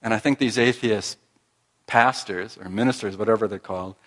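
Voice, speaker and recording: A man delivering a spiritual sermon in a measured, reflective way. His voice sits on the low side. He pauses often and restarts his phrases as he thinks aloud. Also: a bit bright. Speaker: speaker giving a sermon.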